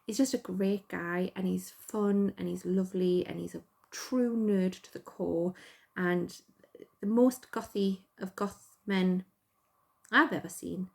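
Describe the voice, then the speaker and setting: A woman's voice: lowish voice, takes it slowly, vocal fry, darkish tone. A middle-aged woman with a Geordie accent, chatting casually and rambling as host, self-deprecating and full of fillers. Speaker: podcast host. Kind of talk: casual chat.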